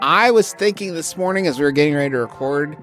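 A man co-hosting a tabletop game podcast in casual, excitable chat. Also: on the high side, quick pace, music in the background. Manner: excitable, laughs often. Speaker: podcast co-host and player.

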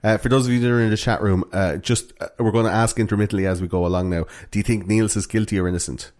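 Low-voiced man rambling on a podcast. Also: fairly even intonation, racing, darkish tone. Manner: rambling, lots of fillers. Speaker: podcast host. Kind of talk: casual true-crime podcast chat.

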